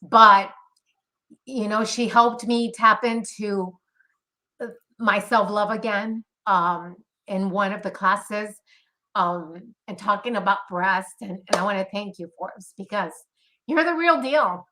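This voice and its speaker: Woman host, bright and forceful tone, earnest and admiring. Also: medium pitch, level tone, slow pace. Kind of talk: heartfelt tribute.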